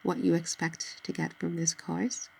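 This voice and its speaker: A woman's voice: lowish voice, level tone, measured pace, creaky, a little mellow, slight background noise. A woman reading the part of a polite, businesslike teacher in her thirties in an audiobook. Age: 30s.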